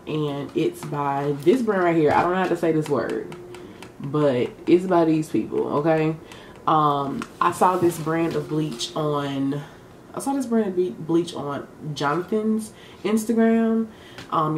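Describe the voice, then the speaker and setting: A woman's voice: on the low side, a little mellow, echoey room, slight background noise. A young woman talking to her camera in a beauty vlog, chatty, sassy and full of slang, sometimes emotional. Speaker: beauty vlogger. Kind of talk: casual chat to camera. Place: room lit for filming. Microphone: camera mic.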